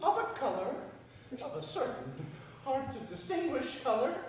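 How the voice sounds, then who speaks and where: A woman's voice: sits high, animated, measured pace, a little hiss or hum. A woman playing a nervous, scheming male servant on stage, stalling and hesitating over her answers. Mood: evasive. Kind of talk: stage comedy performance. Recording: echoey stage, far from mic.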